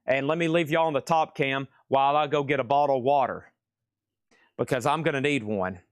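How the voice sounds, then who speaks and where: A man hosting a live vinyl record sale stream from a record shop, calling prices in joking, rapid-fire patter and repeating his lines. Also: mid-range voice, no echo, clean studio sound.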